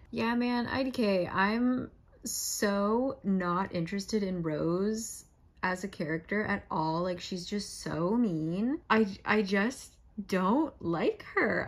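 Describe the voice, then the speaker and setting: A woman's voice: mid-range voice, a bit bright. A young woman chatting casually in a book vlog, frank and exasperated, with lots of filler words. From living in Korea. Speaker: book vlogger. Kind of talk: casual reading vlog chat.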